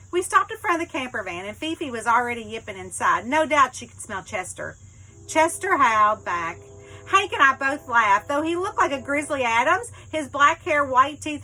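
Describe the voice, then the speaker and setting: A woman author narrating her own novel in the first person, with lively, expressive storytelling. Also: a little high, moderate pace, rough recording. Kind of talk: first-person book reading.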